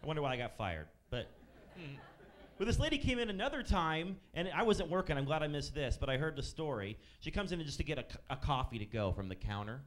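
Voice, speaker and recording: A man's voice: a little high, sing-song, quick pace. Sardonic man in his thirties doing stand-up. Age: 30s. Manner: sardonic, profane storytelling. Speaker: stand-up comedian. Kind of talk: stand-up set. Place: comedy club stage.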